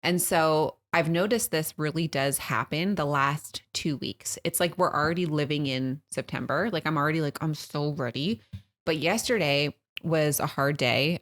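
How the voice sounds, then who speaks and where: A woman in her thirties with a notably low voice talks casually on a podcast. She tells stories with animated energy and slips into quick impressions of the people she quotes. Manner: animated storytelling, acts out her kids' and her own quotes. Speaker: podcast co-host. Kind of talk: casual chat.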